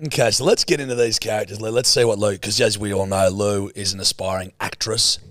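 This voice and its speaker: A man's voice: lowish voice, fairly even intonation, fairly quick, a bit bright, no echo, studio quality. A man co-hosting a casual podcast, teasing his co-host and swearing freely.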